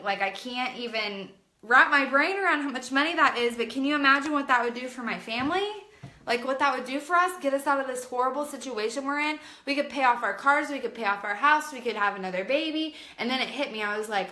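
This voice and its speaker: A woman in her late twenties tells a long personal story straight to camera, chatty and animated and full of "like". Her voice is bright and clear. The room around her has a noticeable echo. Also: a little high, fairly quick. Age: late 20s. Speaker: vlogger. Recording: roomy echo.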